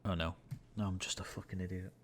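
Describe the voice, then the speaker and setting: A man's voice: sits low, little pitch movement, fast talker, a little hiss or hum. A tired, yawning man muttering and swearing to himself as he comments on his own gameplay during a livestream. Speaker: gaming livestreamer.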